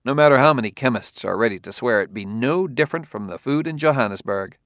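A man's voice: mid-range voice, expressive, fast, fairly bright tone, dry recording, studio quality. A man reading the part of an uneasy male detective, plain and a little wry, in an audiobook. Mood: reflective.

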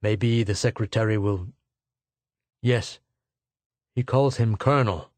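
A man's voice: on the low side, a little mellow, no echo. A man doing a dazed, muttering man. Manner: muttering, halting. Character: exhausted, dazed man concentrating.

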